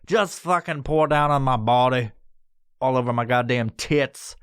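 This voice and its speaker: A man with a middle-pitched voice rambles through a story of his own as a podcast host, swearing freely and trailing into restarts. The sound is dry and close, with no room in it. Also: measured pace, smooth, dry recording. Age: adult with a son. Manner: profane, rambling, acts out his own panicked voice in high squeals. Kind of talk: casual storytelling.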